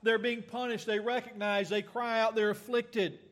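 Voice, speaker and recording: A man preaching a sermon, reading scripture aloud in a slow, earnest way with fillers and small self-corrections. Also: high-pitched, flat delivery, fairly bright tone.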